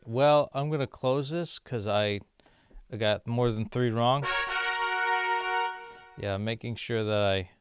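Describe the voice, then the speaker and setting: Smooth, low-voiced American man rambling casually. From United States. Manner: rambling, many "like" fillers, amused. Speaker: vlogger learning a language. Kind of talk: casual commentary while doing app lessons.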